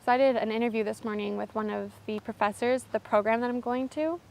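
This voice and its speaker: A woman's voice: on the high side, steady tone, quick pace, gravelly, a little mellow, slight background noise. A young adult woman and college student telling a story to camera in a chatty, self-deprecating way. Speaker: vlogger, college student of French.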